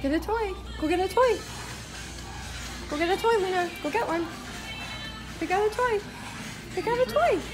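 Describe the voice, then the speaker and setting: A young woman with a very high voice speaks in sing-song baby talk, urging her dog over and over. Her short, repeated commands sit over clearly audible music. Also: animated, moderate pace, pauses often. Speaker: dog owner. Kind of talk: coaxing her dog in a pet store. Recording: music playing behind.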